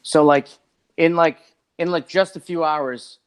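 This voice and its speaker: A man who is a podcast guest, telling a long story in a rambling, animated way and acting out what other people said. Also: a little high, unhurried, clean tone. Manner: rambling and animated, acts out others' lines, many "like" fillers. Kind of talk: casual storytelling.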